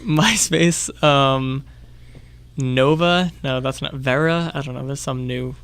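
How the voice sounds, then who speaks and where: A young man co-hosting a casual radio show, reacting quickly and laughing easily. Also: medium pitch, vocal fry, fairly bright tone, clear, resonant tone. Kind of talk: casual chat. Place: small radio studio. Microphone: headphones and studio microphone.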